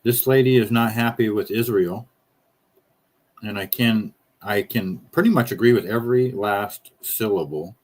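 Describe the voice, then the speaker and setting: A man's voice: lowish voice, measured pace, darkish tone, slight background noise. A man streaming casual commentary on clips, blunt and heavy on swearing, with fillers as he trails off.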